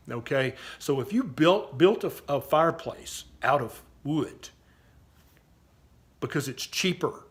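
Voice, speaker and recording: A man with a Southern US accent giving emphatic, folksy health advice straight to camera as a doctor, often checking with "okay?". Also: fairly high pitch. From Southern US, Tennessee. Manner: emphatic, folksy, repeats "okay?" to drive points home. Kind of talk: direct-to-camera health talk.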